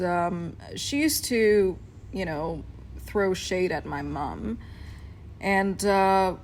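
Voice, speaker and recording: A young woman telling a personal story in a casual rant, frank and profane, with many fillers and pauses. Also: medium pitch, a little hiss or hum.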